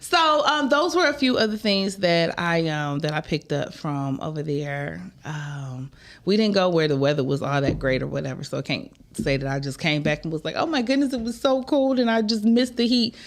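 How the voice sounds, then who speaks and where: A woman's voice: deep voice, expressive. Woman, podcast host, chatty, casual live-show talk. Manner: chatty, drawn-out, conversational.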